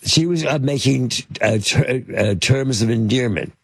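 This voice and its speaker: A man's voice: moderate pace, gravelly, breathy edge, dry recording. An older man telling a rambling anecdote as an interview guest, hesitant and full of fillers and restarts. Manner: acts out quotes with sudden pitch jumps. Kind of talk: anecdotal storytelling.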